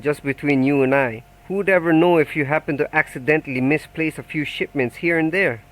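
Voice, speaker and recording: A man's voice: fairly high pitch, brisk, a bit bright, pitched above the performer's own voice, lightly acted, low-quality recording. A man voicing a menacing male debt collector for a crime gang in an audiobook, making threats in a mock-friendly, taunting way. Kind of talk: audiobook character voice.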